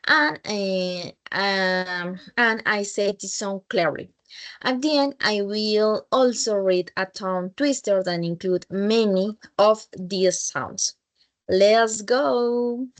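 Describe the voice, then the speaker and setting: Slow, careful young woman student. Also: medium pitch. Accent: Colombian. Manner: slow, careful, drawn-out sounds. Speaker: language student. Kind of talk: phonetics pronunciation demo.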